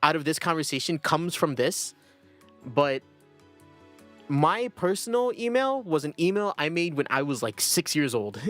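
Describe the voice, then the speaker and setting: A man's voice: fairly high pitch, very animated, a little slow, fairly bright tone. Rambling young man streaming with music. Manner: rambling, self-deprecating, often laughs. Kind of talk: casual livestream chat.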